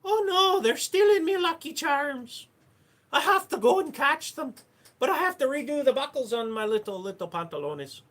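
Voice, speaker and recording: A man voicing a frantic little male leprechaun in a squeaky stage-Irish voice. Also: lively intonation, moderate pace, fairly bright tone.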